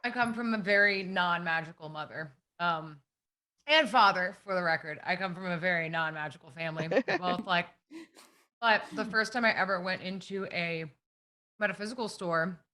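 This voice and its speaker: A woman from Western Pennsylvania, chatting casually and telling stories in an animated way as a co-host. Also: lowish voice, normal speed. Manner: animated storyteller. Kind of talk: casual chat.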